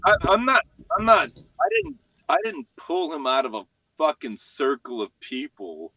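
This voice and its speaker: A man on a casual live-stream panel who talks excitably and profanely, piling up oaths. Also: a little high, measured pace, breathy edge, no room sound, lo-fi sound.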